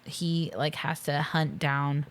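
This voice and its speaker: Low-voiced female podcast co-host, casual recap, giggly and chatty. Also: flat delivery, slow. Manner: chatty, laughs often, quotes characters in silly voices. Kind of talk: casual movie recap chat.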